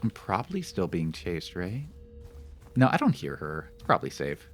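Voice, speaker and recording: Animated low-voiced young man streaming. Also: normal speed, soft background music. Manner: animated, jumpy reactions, rambling anecdotes. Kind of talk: casual live game-stream chatter.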